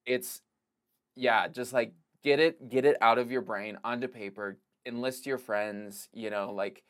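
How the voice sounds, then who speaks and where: Podcast guest, male, mid-pitched and loose; filler-heavy, restarting thoughts as he goes. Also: fairly even intonation, unhurried, fairly bright tone. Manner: rambling, full of "like" and restarts. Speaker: podcast guest, filmmaker and comedic actor. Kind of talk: casual conversation.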